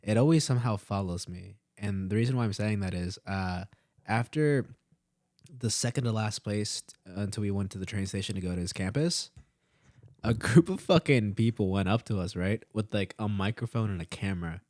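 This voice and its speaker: A man's voice: on the low side, normal speed, no room sound, studio quality. A man in his early twenties co-hosting a podcast, telling a rambling, swear-heavy story and acting out the quotes. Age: early 20s. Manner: profane, rambling, animated retelling with acted-out quotes. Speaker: podcast co-host. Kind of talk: casual storytelling chat.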